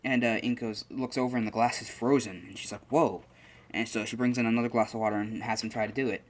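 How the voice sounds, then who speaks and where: A man's voice: mid-range voice, fairly even intonation, quick pace. A young man casually making up and telling a fan-fiction story, rambling with lots of fillers and restarts.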